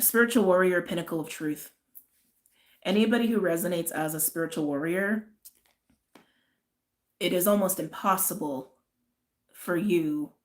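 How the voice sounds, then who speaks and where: Chatty woman reading tarot, lowish voice. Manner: chatty, rambling, tangents, frequent "like" and "right". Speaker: tarot and astrology reader. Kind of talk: casual spiritual reading chat.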